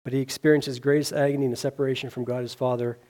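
A man preaching a sermon in a mellow, warm voice of middle pitch. He speaks earnestly, reads scripture aloud and poses questions to his listeners. He rises on key words and drops quiet at the ends of phrases. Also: little pitch movement, racing. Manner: earnest, rising on scripture and dropping low at line ends; reads scripture aloud, with small slips and restarts.

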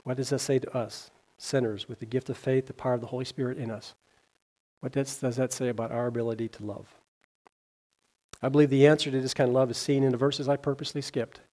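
Here a man preaches at a quick clip, his tone steady and earnest as he reads scripture aloud, slipping and restarting a little, and asks questions of those listening. He raises his voice on the scripture and key phrases and lets it drop soft and low at the close of lines.

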